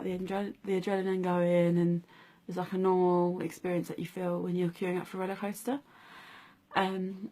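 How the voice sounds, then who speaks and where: Soft, hesitant woman in her twenties. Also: lowish voice. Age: 20s. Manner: hesitant, many ums, soft-spoken. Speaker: vlogger. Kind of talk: personal story vlog.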